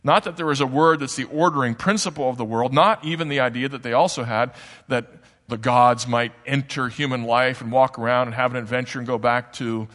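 A preacher's middle-pitched, fairly bright voice moves briskly through his sermon. He explains points in a conversational manner with casual asides to the audience, and the church hall around him rings with a long reverb.

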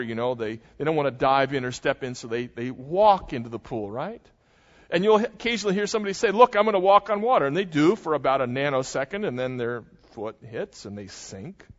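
A man preaching a sermon as pastor, talking in a conversational, folksy way with asides to the congregation. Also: mid-range voice. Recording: dull lo-fi sound with long hall reverb.

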